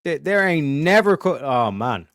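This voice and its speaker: A man hosting a show, giving a blunt, profane and animated commentary rant. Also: a little high, normal speed, no echo, studio quality. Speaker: show host.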